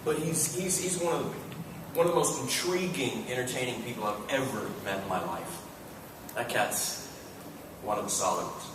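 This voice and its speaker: A man telling profane, animated comic stories as a guest on a convention panel, often breaking into laughs, recorded in a large hall. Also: mid-range voice, normal speed. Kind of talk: comic anecdote storytelling. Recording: echoey hall miked from far, noisy.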